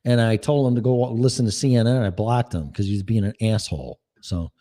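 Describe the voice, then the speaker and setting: A man's voice: on the low side, fairly quick, warm tone, in a large hall. A man hosting his own online show, talking in a rambling, sarcastic way and swearing freely as he reads the chat. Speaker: podcast host. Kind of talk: casual monologue reading chat.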